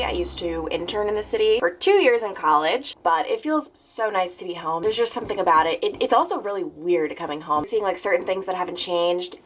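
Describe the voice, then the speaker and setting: A woman's voice: lowish voice, a little hiss or hum. A young woman in her twenties from Long Island, talking to a handheld camera in a chatty, bubbly vlog style from her childhood bedroom, often laughing at herself. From Long Island, New York. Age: 20s. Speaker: vlogger and TV news reporter. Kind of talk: casual vlog talk to camera.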